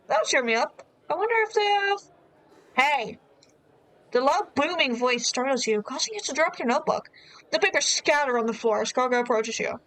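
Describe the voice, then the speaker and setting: A woman's voice: high voice, expressive, fairly quick, a bit bright, low-quality recording. A woman streamer reading a dating sim aloud and adding wry, amused asides, on a close desk mic.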